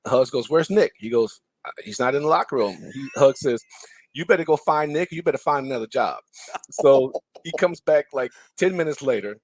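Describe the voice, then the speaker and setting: With a medium-pitched, fairly quick delivery and no echo, a man recounts basketball tales during a casual podcast conversation. The guest, a former player and broadcaster, brings the stories to life by voicing the people in them.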